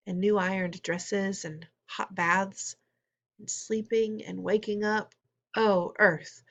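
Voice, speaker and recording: A woman's voice: mid-range voice, creaky. A woman voicing an earnest teenage girl in a storybook reading, out of breath.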